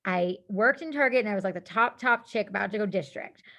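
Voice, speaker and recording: A woman guest on a podcast, telling a story in casual chat, animated, laughing often and acting out what people said. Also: mid-range voice, fast talker. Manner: animated, laughing, acts out quotes, casual swearing.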